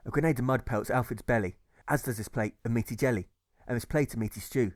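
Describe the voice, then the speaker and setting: A man's voice: mid-range voice, quick pace, dry recording. Male author-narrator, rhythmic rhyming audiobook read, dry close sound. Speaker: author reading his own novel.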